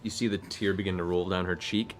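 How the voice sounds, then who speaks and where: A man as game master narrating a tabletop role-playing game, describing scenes in a measured way with hesitant fillers. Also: deep voice, steady tone, noisy background.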